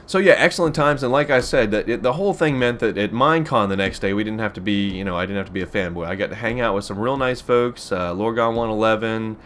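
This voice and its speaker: Man, middle-aged, from Pittsburgh, casual game commentary, chatty, fillers, somewhat low voice. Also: fast talker, few pauses, a bit bright, slight background noise. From Pittsburgh, USA. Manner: chatty, rambling, upbeat with fillers. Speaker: let's play host. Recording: faint background music.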